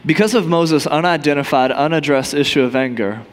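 High-voiced male preacher in a hall. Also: a little fast. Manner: storytelling, animated. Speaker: pastor. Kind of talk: sermon. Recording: long hall reverb.

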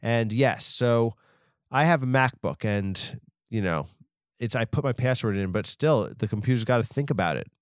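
A man hosting a comedy podcast, rambling through absurd asides in a deadpan manner. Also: mid-range voice, moderate pace, no echo, studio quality. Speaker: podcast host.

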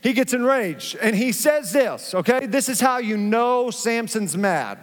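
A male pastor delivers a sermon in a fairly high voice, joking with his congregation as he goes. He is recorded in a church sanctuary with a long hall reverb. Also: expressive, measured pace, hardly any pauses.

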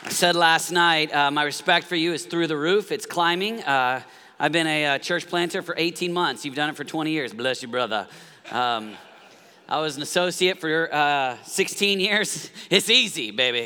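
A man in his forties, a guest pastor, preaching a lively sermon in a church and calling for congregation responses. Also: on the high side, moderate pace, smooth. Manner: energetic, calls for congregation responses. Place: church hall. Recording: reverberant church hall.

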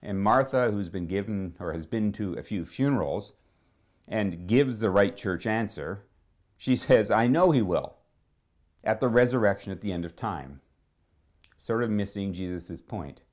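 A man's voice: on the low side, animated, a little slow, a little mellow. A man preaching a sermon, retelling a story in a conversational way and acting out the quoted voices.

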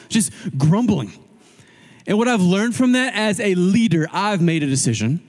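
A male pastor preaching a sermon in a casual, animated way, acting out quoted voices as he goes. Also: high voice, moderate pace, in a large hall.

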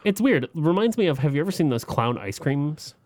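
A man's voice: on the high side, big pitch swings, brisk, darkish tone, no echo, studio quality. A man co-hosting a casual podcast, adding details and corrections to an episode recap. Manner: chatty, adds details and corrections. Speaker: podcast co-host.

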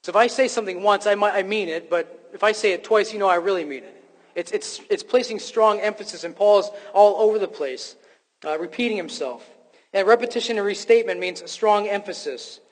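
An emphatic man preaching, his voice pitched high and full of restarts and fillers as he presses his point. His voice rings out with the long reverb of a large hall. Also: a little fast. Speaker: pastor. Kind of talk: sermon.

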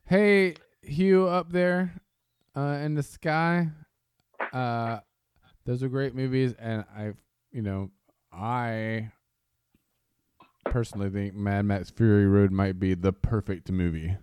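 A man co-hosting a casual podcast, relaxed and quick to laugh. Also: mid-range voice, clean tone, no room sound. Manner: laid-back, laughing, reactive. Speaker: podcast co-host.

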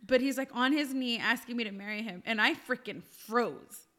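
Podcast co-host, woman, high and bright voice, animated storyteller who acts out dialogue. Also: normal speed. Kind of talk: casual storytelling chat.

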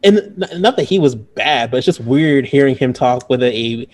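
A man's voice: mid-range voice, lively intonation, moderate pace, slight background noise. A man casually reviewing movies as a podcast co-host, rambling and laughing often.

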